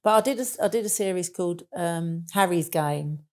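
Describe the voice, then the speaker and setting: A woman's voice: on the low side, brisk, darkish tone. A woman in her sixties with a Cockney accent, guest in an interview, telling stories in chatty casual talk. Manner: chatty storytelling with fillers like "and that".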